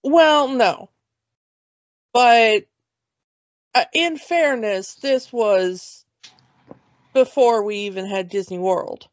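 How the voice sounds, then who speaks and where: A woman co-hosting a movie podcast talks slowly and loosely, rambling through asides and restarts. Her voice is close and dry. The audio is slightly dull. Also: a little high, no room sound. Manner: chatty, rambling with restarts and laughs. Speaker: podcast co-host. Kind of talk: casual movie chat.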